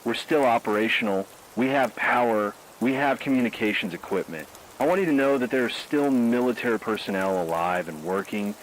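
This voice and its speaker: A man voicing a woman military major who calls in to a radio station and gives steady, official instructions in a radio drama. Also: mid-range voice, brisk, a little hiss or hum, close to an everyday voice, poor audio. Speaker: caller.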